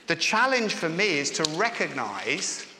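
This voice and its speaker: A man's voice: a little high, sing-song, measured pace, noisy background. A man preaching a sermon in church, talking conversationally and putting questions to the congregation. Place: church hall. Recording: echoey hall with long reverb.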